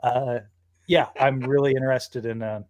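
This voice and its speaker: A man's voice: mid-range voice, fairly even intonation, moderate pace, a little mellow, lo-fi sound. A man co-hosting a casual book club stream over a video call, full of hesitant restarts and eager opinions. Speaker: co-host. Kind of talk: casual live stream chat.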